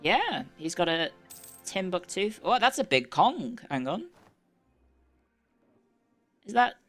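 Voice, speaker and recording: A woman's voice: on the low side, sing-song, takes it slowly, faint music behind. A woman streamer giving casual, chatty commentary while playing a strategy game, muttering to herself and swearing now and then.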